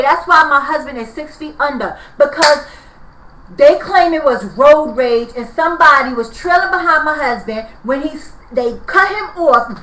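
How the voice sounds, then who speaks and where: A woman rants to the camera with a very high, piercing voice. Her talk is heated, profane and repetitive, and she circles back over the same complaints. The sound rings in an echoey room. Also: bright, forceful tone. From New York. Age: 30s. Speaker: vlogger. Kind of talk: angry venting vlog.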